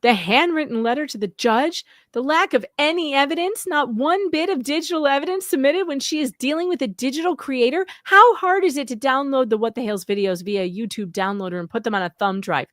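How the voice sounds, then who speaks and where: A woman's voice: sits high, brisk, few pauses, a bit bright, no room sound, clean studio sound. A woman guesting on a livestream in casual commentary chat, blunt and sarcastic. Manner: blunt, sarcastic, exclaims often. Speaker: co-host guest.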